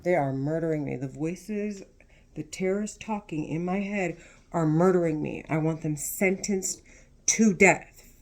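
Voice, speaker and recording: A woman's voice: fairly low pitch, measured pace, a little mellow, slight background noise. A woman speaking alone to camera in an agitated, repetitive monologue, full of swearing. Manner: repetitive, swearing, tense ranting. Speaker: vlogger.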